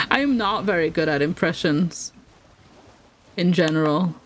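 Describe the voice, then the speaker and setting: Woman streamer chatting while gaming, unhurried, lots of ups and downs in her voice. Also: lowish voice, lively intonation, slight background noise. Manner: chatty, self-deprecating, laughs often. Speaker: game streamer. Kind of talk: casual gameplay commentary.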